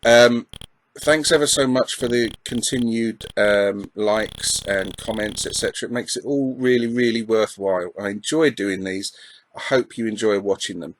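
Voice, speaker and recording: A man's voice: lowish voice, moderate pace, slight background noise, rough recording. A middle-aged man with an Essex accent giving chatty, self-deprecating commentary over gameplay, with plenty of ums and uhs. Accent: English, Essex. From England. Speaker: retro gaming YouTuber.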